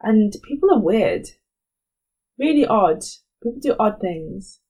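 A woman's voice: medium pitch, animated, measured pace, mellow. A woman co-hosting a podcast, talking bluntly and animatedly in casual chat and laughing often. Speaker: podcast co-host.

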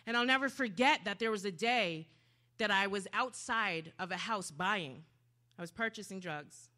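A woman preacher giving a sermon, swinging dramatically from hushed to loud. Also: mid-range voice, moderate pace.

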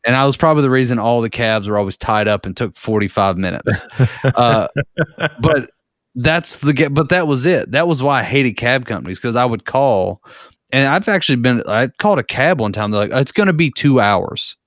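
A man's voice: mid-range voice, animated, fairly quick, a bit bright, no echo, studio quality. A man casually telling a rambling, profane story, with lots of filler words.

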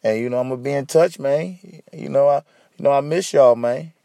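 A man's voice: medium pitch, a little fast, gravelly, mellow, no echo, clean studio sound. A man hosting a podcast alone, sleepy and rambling, swearing loosely as he talks. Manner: profane, loose, tired and rambling. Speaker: podcast host. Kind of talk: casual solo rambling monologue.

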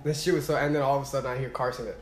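A man's voice: medium pitch, fairly even intonation, very fast. A young man telling a crude, rambling story while playing poker with friends. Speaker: podcast co-host. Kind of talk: casual group chat over poker. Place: room with friends at a poker table. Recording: echoey room with loud music. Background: loud music.

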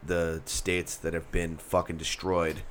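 Man, casual chat, blunt, profane, very deep voice, faint noise. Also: little pitch movement, a little slow, a bit bright.

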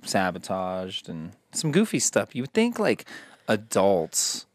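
A man telling a story in a casual, profane, animated way, acting out quotes as he goes. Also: lowish voice, slow pace, dry recording, clean studio sound.

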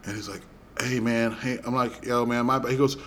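A middle-aged man hosting a podcast, telling a story in casual chat, animated and profane, acting out both sides of a quarrel. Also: mid-range voice, brisk, a little hiss or hum. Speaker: podcast host.

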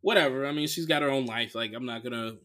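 A man hosting a comedy podcast, telling a profane story as a monologue, swinging from mumbled asides to loud outbursts. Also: mid-range voice, fast talker. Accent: Bay Area.

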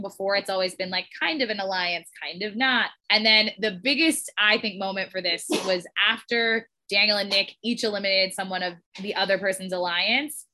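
A woman's voice: medium pitch, pushed and bright. A young woman hosting a podcast, steering the casual chat playfully. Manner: leads the discussion, playful. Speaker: podcast host.

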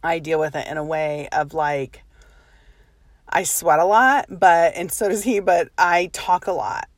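Woman, 30s, low voice, dry close sound; chatty, self-deprecating storyteller who laughs a lot. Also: measured pace, no room sound. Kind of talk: casual personal storytelling.

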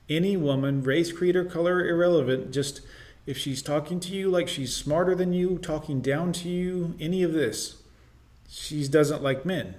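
A man's voice: fairly high pitch, a little mellow. Blunt lecturing man. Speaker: reaction commentator. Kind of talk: reaction video commentary.

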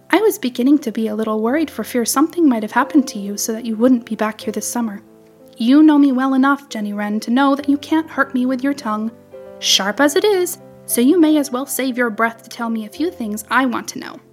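A woman's voice: fairly high pitch, fairly quick, soft background music, natural voice. A woman reading a cheeky young rabbit. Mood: teasing. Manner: eager and teasing. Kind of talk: storybook reading.

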